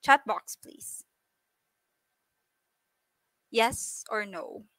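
A woman's voice: mid-range voice, expressive, very slow, pauses often, a bit bright, dry recording. A woman with a Filipino accent leading a live online exam review lesson, asking her class questions as she goes. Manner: switches between English and Tagalog, asks the class questions.

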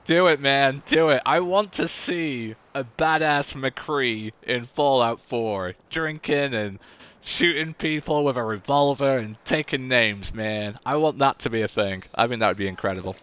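A young man livestreams a video game, chatting goofily and casually with his viewers and talking to chat. His voice is medium-pitched, a bit bright, smooth, and a little slow.

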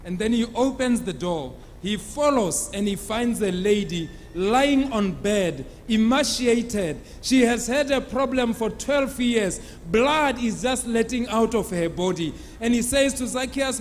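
A man preaching from the pulpit, his voice sitting very high for a man. He tells a Bible story dramatically and acts out its characters. Long reverb rings around him in a church hall. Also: lively intonation, unhurried, a little hiss or hum. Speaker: pastor.

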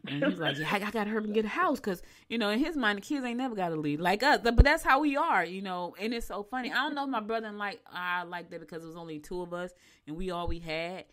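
A middle-aged woman, co-hosting a morning show in casual chat, reading horoscopes and telling animated stories. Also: medium pitch, fast talker. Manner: chatty, animated storytelling.

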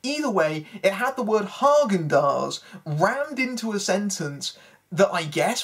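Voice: medium pitch, sing-song, measured pace, husky. A film critic giving a spoken review in a sarcastic, exasperated manner.

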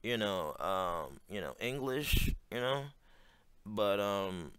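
A man's voice: on the low side, animated, slow pace, fairly bright tone, slight background noise. A man giving casual reaction commentary, rambling with lots of fillers, frequent swearing and laughter.

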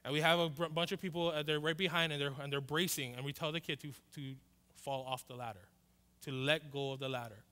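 A man's voice: fairly high pitch, fairly even intonation, a little fast, sharp tone, clear, resonant tone. A male pastor, telling a story in a sermon and acting out both sides of the dialogue. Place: church hall. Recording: reverberant church hall.

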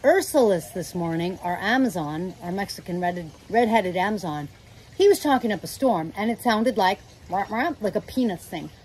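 A middle-aged parrot owner who runs a channel chats affectionately and ramblingly to camera from home, pausing at times to speak to her birds. She has a medium-pitched, slightly mellow voice with lively intonation and a moderate pace, though the audio is poor and has slight background noise.

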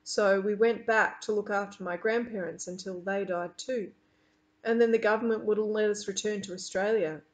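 A woman's voice: medium pitch, steady tone, moderate pace, natural voice. A woman voicing a teenage girl in a read-aloud storybook, explaining things plainly. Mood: quiet. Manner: plain explaining tone, quieter when sad. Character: teenage girl, matter-of-fact and sad.

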